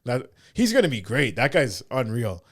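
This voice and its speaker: A man's voice: medium pitch, sing-song, moderate pace, husky. A man hosting a podcast in casual chat, joking and rambling. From Canada. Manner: joking, rambling, does mock voices. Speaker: podcast host.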